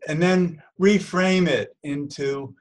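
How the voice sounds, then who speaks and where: Male co-host, somewhat high pitch, chimes in with quick questions and agreement. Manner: brief affirming interjections and questions.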